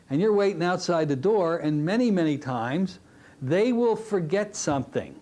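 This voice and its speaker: A middle-aged man teaching a recorded hypnotherapy lesson, telling stories from his practice in a lively way. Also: sits high. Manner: animated storytelling, drops to a soft hypnotic voice when demonstrating. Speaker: hypnotherapy instructor. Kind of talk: recorded training lecture.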